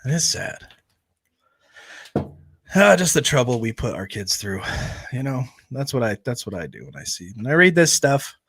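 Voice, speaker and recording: A man in mid pitch co-hosts a relaxed talk show about family recovery. He keeps things conversational, checking in with his listeners by ending points on a questioning "right?". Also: brisk, breathy edge. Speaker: co-host of a family recovery channel. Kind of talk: casual chat.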